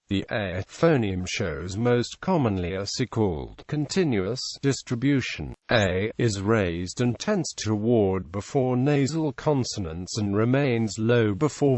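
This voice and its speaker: A man's voice: fairly low pitch, darkish tone, no room sound. A text-to-speech male voice reading an encyclopedia article aloud in a mechanical, evenly paced way, with odd misreadings. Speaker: narrator.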